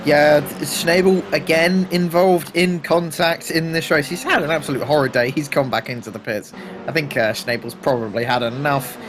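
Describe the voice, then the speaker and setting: A man's voice: a little high, steady tone, moderate pace, over music. Casual man co-commentating a sim race. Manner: casual, filler-heavy, hesitant.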